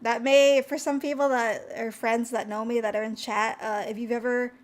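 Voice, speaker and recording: High-voiced young woman streamer, rambling. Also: level tone, moderate pace. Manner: rambling, many fillers and laughs. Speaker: VTuber streamer. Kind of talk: casual storytelling to chat.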